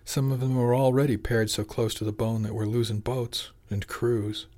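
A man's voice: mid-range voice, little pitch movement, normal speed, darkish tone, natural voice. A man voicing a blunt, slangy male animal who manages a fishing fleet, pressing his point in an audiobook.

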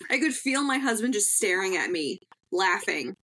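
A woman host chatting casually, excitable and quick to gush. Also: mid-range voice, slight background noise. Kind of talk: casual chat.

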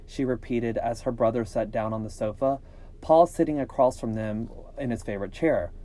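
A man's voice: mid-range voice, moderate pace, warm tone. A man casually reading a scary story aloud on a podcast, with small slips and joking asides.

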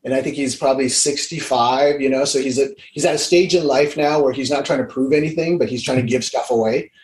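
Energetic man in an echoey room. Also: medium pitch, a little fast. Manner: energetic, acts out quoted dialogue. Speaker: guest. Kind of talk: casual interview chat. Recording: roomy echo.

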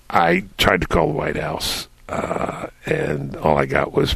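An older man, a podcast host, telling anecdotes in a casual, animated way with frequent laughs. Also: fairly high pitch, slow pace, vocal fry, breathy edge, no room sound. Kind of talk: casual storytelling.

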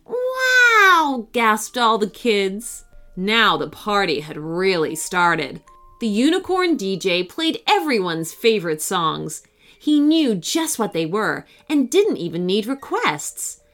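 Woman reading a kids bedtime-style story, slow and super expressive, goes up high for the girls. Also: soft background music. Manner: expressive, voices the girls with higher excited pitch. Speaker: children's story narrator. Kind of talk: scripted storybook narration.

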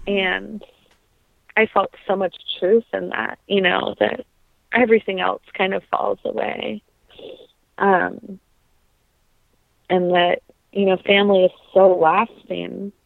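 A young woman, a trained singer, reflecting earnestly in an interview, pausing often with ums and restarts. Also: medium pitch, little pitch movement, vocal fry, no room sound. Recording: dry, tinny phone-like line.

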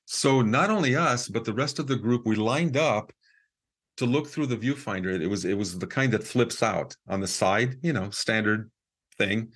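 A man appearing as a podcast guest tells a story casually and lively, peppering it with fillers and acting out quoted dialogue. His voice is on the low side, breathy at the edges, at a moderate pace.

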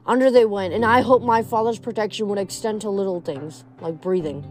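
A woman reading a novel aloud, steady and expressive. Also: mid-range voice, brisk, soft background music. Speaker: reader. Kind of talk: audiobook narration.

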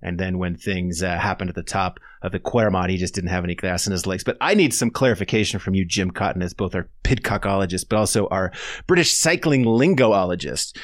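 A man's voice: low-pitched, a little fast, dry recording, clean studio sound. A man hosting a casual sports podcast, talking in a playful, jokey way and putting questions to his guests. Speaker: podcast host. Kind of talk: casual cycling chat.

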